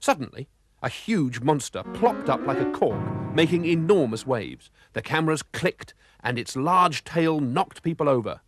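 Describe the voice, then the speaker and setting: A man narrating a children's storybook with a lively, expressive reading. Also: a little high, unhurried, music in the background.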